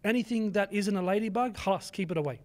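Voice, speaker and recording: A young man, telling animated stories as an interview guest and mixing in Arabic words. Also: high-pitched, fast. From Australia. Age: 20s. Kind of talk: casual interview chat.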